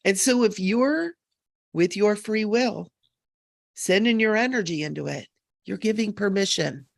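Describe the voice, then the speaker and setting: A woman psychic medium in an earnest, emphatic live-stream chat, full of quick asides, on a webcam mic. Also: mid-range voice, expressive, vocal fry, no echo, studio quality.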